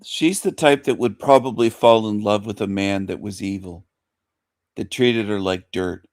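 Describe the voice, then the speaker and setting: A man's voice: on the low side, normal speed, darkish tone, dry recording. Sarcastic man with a dry, close sound. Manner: mocking, scornful. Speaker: radio show host. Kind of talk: sarcastic commentary over played clips.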